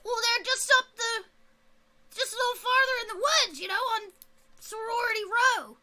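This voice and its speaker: A woman voicing a young female hobgoblin from a sorority, squealing and pleading in rushed, breathless bursts. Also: very high-pitched, sharp tone, pitched above the performer's own voice, heavily acted.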